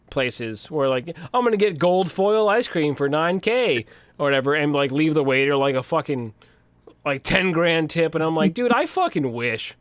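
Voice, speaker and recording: Young Western Pennsylvania man, podcast co-host, higher-pitched, profane and animated storyteller, dry close sound. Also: no echo. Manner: profane, animated storytelling, acts out quoted voices. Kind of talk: casual chat.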